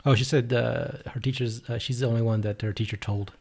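A man co-hosting a podcast in casual chat, making quick, dry wisecracks and reading out listener comments. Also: medium pitch, fairly even intonation, a little mellow, husky. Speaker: podcast co-host.

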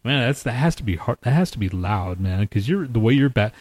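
A man's voice: mid-range voice, expressive, fairly quick, darkish tone, slightly rough, no echo. A man co-hosting a podcast in casual chat, rambling and swearing, with "man" and "freaking" as his fillers. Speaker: podcast co-host.

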